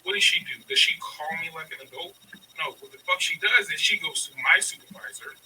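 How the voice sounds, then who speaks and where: Man, 30s, rapid and profane storyteller with a bright, forceful voice, recorded on a distant mic with faint hiss. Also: on the high side. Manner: profane, emphatic, acts out both sides of arguments. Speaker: podcast host telling a story. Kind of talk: casual storytelling.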